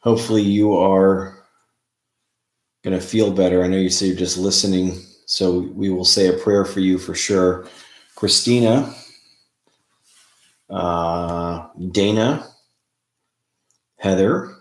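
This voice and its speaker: A man hosting a casual live stream, chatting in a relaxed way and greeting viewers by name. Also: deep voice, takes it slowly, pauses often. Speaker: livestream host. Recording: roomy, echoey room sound.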